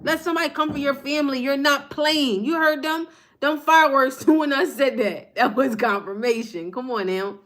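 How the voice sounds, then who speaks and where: A woman's voice: high voice, fairly even intonation, normal speed, fairly bright tone. A woman giving a passionate, fired-up spiritual card reading on her phone from her table at home, repeating lines for emphasis. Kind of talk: live-streamed motivational reading.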